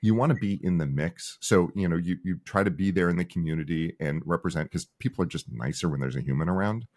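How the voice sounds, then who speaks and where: Deep-voiced man, animated storyteller. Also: quick pace. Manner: animated storyteller, acts out quoted people. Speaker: company founder and guest. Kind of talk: casual interview conversation.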